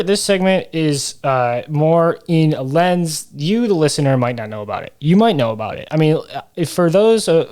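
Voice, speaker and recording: A man hosting a casual sports podcast chat, explaining things in a teasing way with halting fillers. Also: medium pitch, a little mellow, clean tone. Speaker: podcast host.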